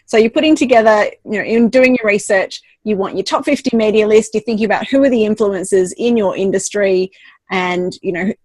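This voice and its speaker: A woman's voice: mid-range voice, fairly quick, a little mellow, no echo. A woman hosts an interview, recorded close with a dry, dead sound. She sums up and affirms what her guest has just said. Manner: summarizing and affirming the guest's points. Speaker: host. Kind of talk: interview chat.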